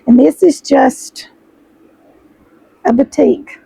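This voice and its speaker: A middle-aged woman, chatting excitedly to her viewers as she unboxes fabric, her voice hoarse and froggy. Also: high voice, slow pace, dry recording, poor audio. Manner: chatty, gushing, addresses viewers as y'all. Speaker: sewing vlogger host. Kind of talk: casual chat while unboxing fabric.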